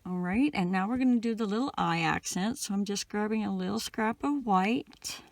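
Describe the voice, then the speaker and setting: A middle-aged woman from Canada giving a relaxed, chatty step-by-step crochet tutorial while she works. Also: medium pitch, moderate pace, gravelly, no echo. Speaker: crochet instructor.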